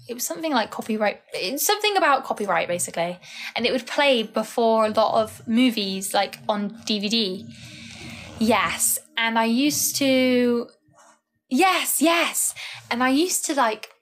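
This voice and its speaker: A young woman chatting casually on a live stream, rambling and laughing often. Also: fairly high pitch. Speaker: livestreamer.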